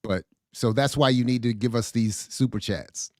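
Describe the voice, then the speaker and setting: A man's voice: medium pitch, normal speed, no echo, studio quality. A man co-hosting a casual podcast chat, joking and laughing as he tells stories. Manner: laughing, joking, animated storytelling. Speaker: podcast co-host.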